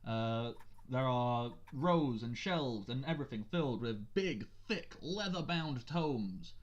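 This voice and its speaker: Male game master narrating a tabletop stream, relaxed and filler-heavy, over slightly muffled audio. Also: mid-range voice, takes it slowly.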